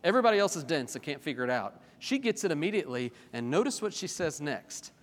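A man preaching a sermon as pastor, animated, with humorous personal asides. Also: a little high, fast talker. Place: church sanctuary. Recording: long reverb of a large hall.

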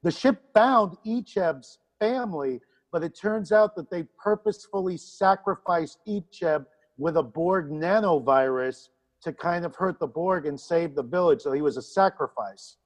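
A man's voice: a little high, a little slow. A man co-hosting a casual chat, rambling through a recap with some swearing. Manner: rambling, chatty, profane. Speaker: podcast co-host.

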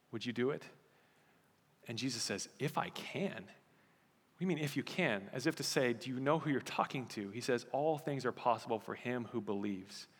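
A man preaching a sermon as pastor, moving from quiet storytelling to loud, fervent pleading. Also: medium pitch, big-room sound. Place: church sanctuary.

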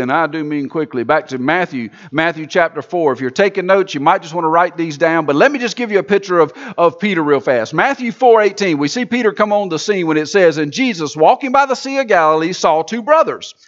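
A man as pastor, preaching a sermon with wide swings in pitch and loudness. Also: highs cut off.

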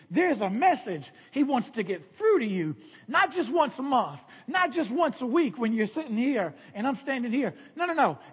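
A man's voice: extremely high pitch, breathy edge, in a large hall. A man preaching a sermon as pastor, talking conversationally and checking in with "okay?" as he repeats key points.

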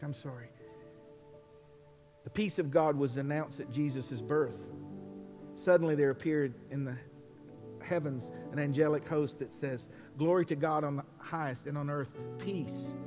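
A man preaching a sermon, building from conversational teaching to impassioned, high-pitched preaching. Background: music.

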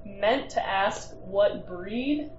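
A woman's voice: medium pitch, soft background music. A woman in casual chat, telling an anecdote in an amused way. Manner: slow, amused storytelling. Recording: dull roomy sound.

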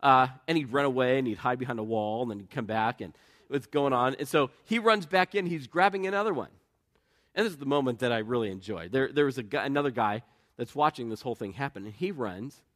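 A man's voice: medium pitch, lively intonation, fast talker, fairly bright tone. A middle-aged man preaching a sermon in an earnest, conversational way, asking the congregation questions and telling personal stories. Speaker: pastor.

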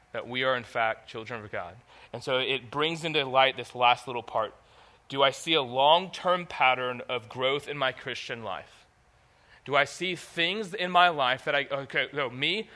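Guy giving a sermon, bright voice, quizzes the crowd. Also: medium pitch, moderate pace. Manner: animated, asks the audience questions. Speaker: preacher. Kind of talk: sermon with scripture reading.

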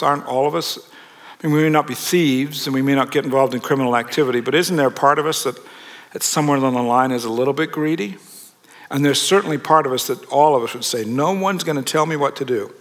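A man's voice: a little high, in a large hall. A man from Australia giving a sermon, telling stories with humour and asking the audience questions. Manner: humorous storytelling, asks the audience questions. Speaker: pastor.

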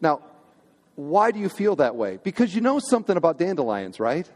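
A man's voice: fairly high pitch, sing-song, fairly quick, darkish tone. A man, a senior pastor, preaching a sermon to his congregation in a conversational, humorous way, often asking the hall questions. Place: church sanctuary. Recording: long hall reverb in a church.

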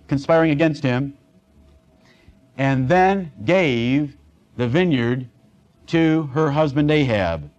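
A man with a fairly high-pitched, darkish voice preaches through a Bible passage, giving expository teaching that mixes plain scripture reading with sarcastic, conversational asides. The lo-fi recording is dull.

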